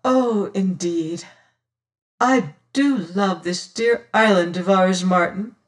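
An audiobook reader voicing a gentle young noblewoman who speaks softly in old-fashioned speech. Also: mid-range voice, lively intonation, slow. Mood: wistful. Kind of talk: audiobook reading.

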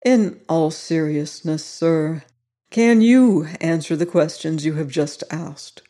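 A benign old male sociologist from an audiobook, speaking softly but insistently, as the narrator puts him on. He sounds patient and grave, and he keeps pressing his point without raising his voice. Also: medium pitch, slow pace, close to an everyday voice. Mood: calm. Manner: soft and insistent. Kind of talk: audiobook reading.

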